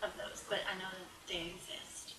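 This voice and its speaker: A woman's voice: fairly low pitch, little pitch movement, moderate pace, pushed and bright. A young woman chatting casually as a bride-to-be guest, laughing easily and trailing off. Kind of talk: casual chat. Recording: echoey room, away from the mic, faint background hum.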